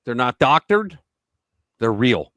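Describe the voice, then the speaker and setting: A male host with a mid-range voice takes his time on a live political commentary stream, heard in a dry recording. He talks casually yet animatedly, dropping sarcastic remarks and doing mocking impressions.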